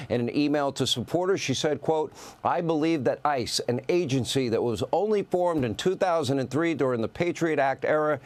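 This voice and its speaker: A man hosting a news opinion segment, delivering a sarcastic monologue in punchy lists. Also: mid-range voice. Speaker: news host.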